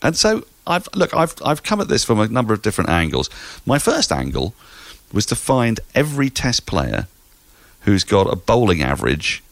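A man talking as a podcast guest in casual chat, animated, playful and a little rambling. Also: fairly low pitch, moderate pace, no echo.

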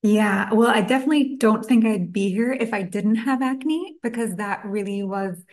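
A woman speaks as a nutritionist guest on a podcast, at an ordinary middle pitch. She tells her story in a chatty, easygoing way and acts out her own past thoughts as quoted asides. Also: normal speed, darkish tone. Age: adult, past college. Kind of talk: podcast interview.

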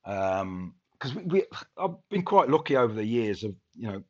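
Low-voiced man reminiscing. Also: big pitch swings, normal speed. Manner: rambling, with many restarts and fillers. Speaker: former footballer guest. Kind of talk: casual reminiscing chat. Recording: dull lo-fi sound.

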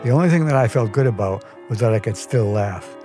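Low-voiced older man telling a story. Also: expressive. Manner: wry, measured storytelling. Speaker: storyteller podcast host. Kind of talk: personal story narration. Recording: dry close mic, faint music.

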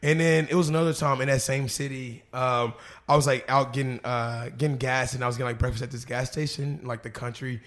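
A man's voice: mid-range voice, fairly even intonation, fairly quick, fairly bright tone. A young man from Arkansas telling stories in a loose, slang-heavy casual chat, full of fillers. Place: living room couch.

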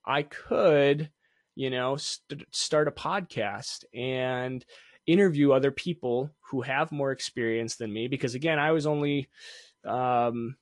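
A man's voice: medium pitch, measured pace, no echo, studio quality. A young adult man, a sales coach and entrepreneur, talking casually as a podcast guest, chatty and self-deprecating, laughing often and restarting sentences. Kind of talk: casual interview conversation.

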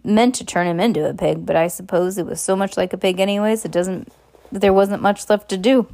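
A big, bearded, gruff gentle giant of a gamekeeper, as a mother reads him aloud from a storybook. He speaks in casual, rough, clipped phrases at a middling pitch. The delivery stays close to an everyday reading voice. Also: steady tone, fairly quick, lightly acted. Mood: rueful. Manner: rough dropped-word speech, stumbling over lines while reading.

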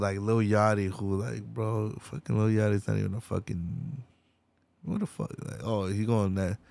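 A man's voice: fairly low pitch, clear, resonant tone, no echo. A man hosting a podcast, ranting casually in a rambling, profane way and laughing often. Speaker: podcast host. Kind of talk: casual rant.

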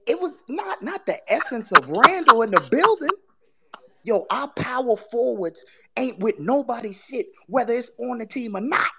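A woman's voice: normal speed, creaky, slightly rough. Profane, taunting woman podcast host. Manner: profane, taunting trash talk; animated, swings between loud jabs and low mutters. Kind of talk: casual sports talk rant.

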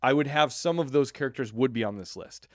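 A man's voice: mid-range voice, brisk, dry recording. Upbeat male co-host with a dry sound. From Chicago. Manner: upbeat, leads the segments. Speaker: podcast co-host. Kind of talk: casual chat.

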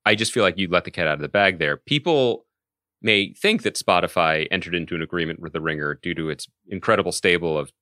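A man's voice: low voice, fast, no echo, studio quality. A man co-hosting a podcast, chatting casually and riffing with jokes. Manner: joking, animated riffs. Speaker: podcast co-host. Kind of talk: casual chat.

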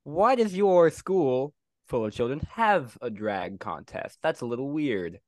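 A man at a tabletop game who throws in blunt wisecracks. His voice is mid-pitched, recorded dry and close. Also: big pitch swings, measured pace, no room sound. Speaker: player.

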